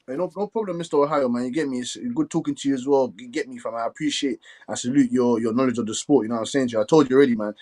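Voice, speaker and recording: Husky guy hosting a livestream, talks fast, keeps saying you get me. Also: medium pitch, darkish tone. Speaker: live stream host. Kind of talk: casual live stream chat.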